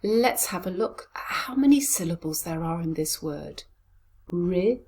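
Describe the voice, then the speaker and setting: A woman coaching pronunciation, breaking words into syllables and sounds and saying them slowly and deliberately. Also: on the low side, animated, vocal fry, darkish tone. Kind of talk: pronunciation lesson.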